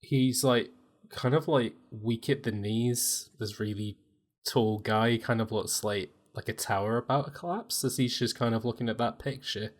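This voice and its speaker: Casual tabletop game master, loose and laughing, mid voice. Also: mid-range voice. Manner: chatty, laughing narration with quick asides.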